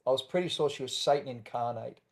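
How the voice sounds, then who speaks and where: A man's voice: medium pitch, quick pace, gravelly. A man with an Australian accent, a podcast guest telling his own story candidly and acting out the voices he quotes.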